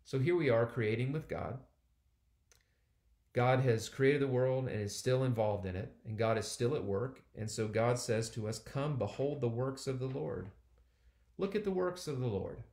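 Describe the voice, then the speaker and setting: A man's voice: mid-range voice, a little mellow. A man in his forties preaching a sermon, talking conversationally and driving points home with emphatic repetition. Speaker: pastor.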